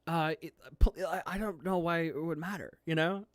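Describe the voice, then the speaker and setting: A smooth, resonant streamer talks in a casual live-stream chat, getting excitable and gushing, near tears with emotion. The voice dips into low mumbles and jumps to high squeals. The sound is dry and close, with no room echo. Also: normal speed. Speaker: streamer reacting to an anime.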